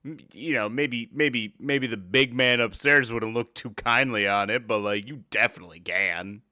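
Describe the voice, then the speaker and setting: A man co-hosting a podcast in casual chat, jokey and quick to laugh. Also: medium pitch, sharp tone, no echo, studio quality. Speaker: podcast co-host.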